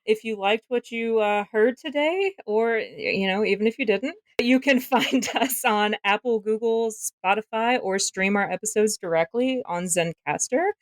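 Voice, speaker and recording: A woman's voice: fairly high pitch, measured pace, hardly any pauses, no echo. A woman co-hosting a casual podcast discussion, playful and given to jokey asides. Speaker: podcast co-host.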